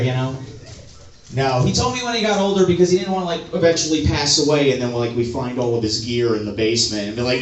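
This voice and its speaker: A man from the suburbs doing a stand-up comedy set, rambling and self-mocking, now and then breaking into loud outbursts. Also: fairly high pitch, expressive, brisk. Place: comedy club stage. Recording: echoey room, mic from a distance.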